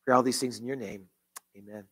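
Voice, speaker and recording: A man's voice: mid-range voice, steady tone, fairly quick, a bit bright, breathy edge. A man pastor leading a closing prayer in church, earnest, with repeated phrases and restarts. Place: church sanctuary.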